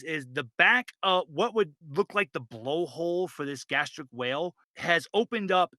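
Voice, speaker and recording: A man's voice: a little high, bright, forceful tone, no room sound. A man narrating a tabletop game as game master, casual and crude in his storytelling.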